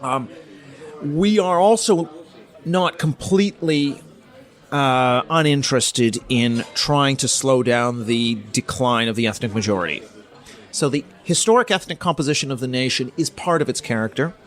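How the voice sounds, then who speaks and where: Measured professor from Canada explaining. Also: male voice, mid-range voice, a bit bright. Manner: measured, explanatory, with frequent ums and restarts. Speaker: guest, politics professor. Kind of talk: podcast interview, academic explanation.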